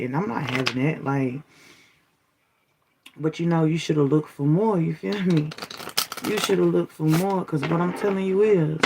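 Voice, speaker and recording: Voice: medium pitch, background noise. A content creator delivering a defiant, taunting spiritual warning straight to the viewer, repeating "you feel me?" as they go. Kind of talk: direct-to-camera warning rant.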